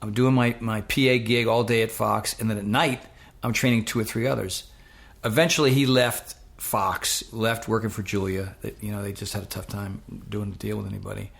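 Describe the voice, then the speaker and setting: Man, middle-aged, gravelly, lowish voice, casual storytelling, mimics quoted people. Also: a little fast. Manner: animated anecdote-telling, acts out quoted voices. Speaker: interview guest.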